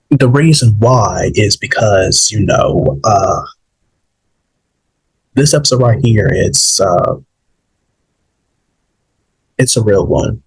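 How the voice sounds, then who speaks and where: A man hosting his own podcast, rambling and halting with many fillers and restarts, emotional and holding back tears. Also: on the low side, breathy edge, rough recording. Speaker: podcast host. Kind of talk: emotional solo podcast monologue.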